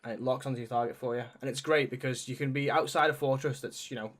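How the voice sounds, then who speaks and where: A young man talks through video games in a loose, rambling podcast chat. His pitch sits in an ordinary middle range. He restarts sentences often and drops the odd swear word. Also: fairly even intonation, fast. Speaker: podcast co-host.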